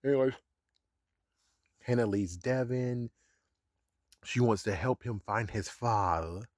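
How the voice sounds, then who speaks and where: A man's voice: medium pitch, slow, no echo, studio quality. A man giving a casual episode recap, chuckling often and swearing in a sarcastic, offhand way. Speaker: show recap vlogger.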